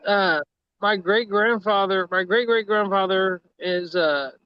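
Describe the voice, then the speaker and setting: A man's voice: high-pitched, measured pace, clean tone, no room sound, lo-fi sound. A man from Texas, chatting casually on a livestream and telling stories full of swearing and laughter. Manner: profane, laughing storyteller. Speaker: livestream co-host. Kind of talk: casual chat.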